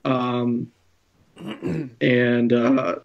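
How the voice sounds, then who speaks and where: A man on a podcast calmly recounting a comic's dialogue in a measured way. His pitch is middling, and the recording sounds dull and lo-fi. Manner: measured, retells dialogue plainly. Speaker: podcast co-host. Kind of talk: casual comic book discussion.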